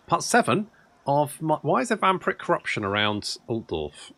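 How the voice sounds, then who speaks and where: A man's voice: fairly high pitch, big pitch swings, moderate pace, a bit bright. A man commentating on his own strategy game play, rambling, swearing and thinking aloud. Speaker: let's play host. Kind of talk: gameplay commentary.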